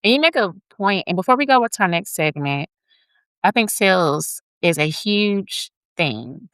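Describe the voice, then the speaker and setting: A woman's voice: lowish voice, a bit bright, smooth, no room sound, rough recording. A woman hosting a podcast interview who builds her points in lists and checks in with her listener as she goes. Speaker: podcast host. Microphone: podcast studio mic.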